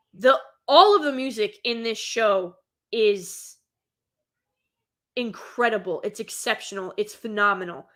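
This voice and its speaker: A woman host talks casually in a slightly high voice. She gushes about what she loves and piles on filler words as her excitement runs ahead of her. The delivery is loose and chatty. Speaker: host reviewing an animated film. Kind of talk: casual chat.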